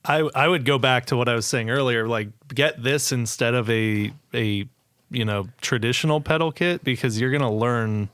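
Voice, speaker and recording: A man on a podcast talking casually and quickly, chuckling now and then. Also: medium pitch, a bit bright, clear, resonant tone, dry recording. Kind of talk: casual chat.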